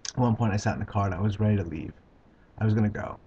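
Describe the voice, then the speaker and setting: Husky low-voiced man, halting recount. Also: warm tone. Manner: halting, hesitant, many ums and restarts. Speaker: video blogger. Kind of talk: casual personal recount. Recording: dull lo-fi home video sound.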